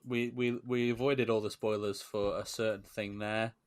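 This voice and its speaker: A man co-hosting a comedy podcast, chatting casually, excitable and stumbling over restarts. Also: lowish voice, moderate pace. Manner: excitable, stumbles and restarts, acts out little voices. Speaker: podcast co-host.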